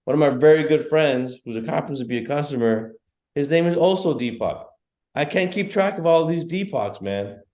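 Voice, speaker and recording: A man rehearsing a standup bit on a video call, telling it haltingly with fillers. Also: fairly high pitch, lively intonation, dark tone. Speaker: workshop participant practicing a joke. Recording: roomy echo.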